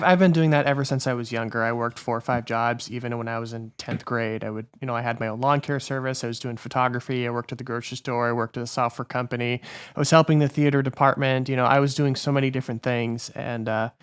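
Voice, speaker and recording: A man's voice: mid-range voice, fairly even intonation, fast, clear, resonant tone. A young man hosting a podcast, chatting in a friendly, agreeable, conversational way. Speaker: podcast host. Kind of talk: casual podcast interview.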